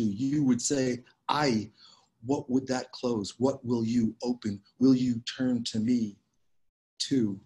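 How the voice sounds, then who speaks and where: A man reading his own poems aloud on a video call, measured and unhurried with pauses between lines. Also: medium pitch, a little mellow, rough recording. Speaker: poet reading his work. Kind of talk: poetry reading.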